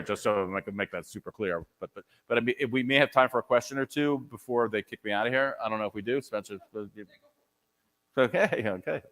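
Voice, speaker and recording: A man giving a live conference presentation and taking audience questions, talking energetically with many restarts and repeated words. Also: fairly quick. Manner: energetic, repeats and restarts often, conversational pitch. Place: conference hall.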